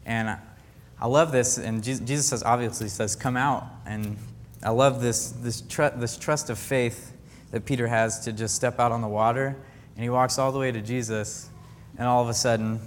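A young man speaks earnestly to a gathered group, sharing a personal faith testimony. He stumbles and restarts often, searching for words as he goes. His mid-pitched voice carries a long reverb, as if it were filling a large hall. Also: steady tone, a little hiss or hum. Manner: earnest, halting, with many restarts. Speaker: camp counselor giving a faith talk.

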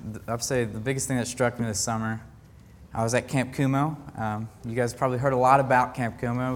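A young man speaks earnestly to a gathered group, sharing a personal faith testimony. He stumbles and restarts often, searching for words as he goes. His mid-pitched voice carries a long reverb, as if it were filling a large hall. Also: slight background noise. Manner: earnest, halting, with many restarts. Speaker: camp counselor giving a faith talk.

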